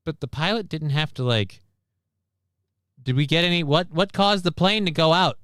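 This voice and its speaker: A man's voice: fairly high pitch, moderate pace, a bit bright, smooth, dry recording, clean studio sound. A man hosting a livestream, reacting to news clips in blunt, sarcastic casual commentary, swearing often. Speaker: livestream host.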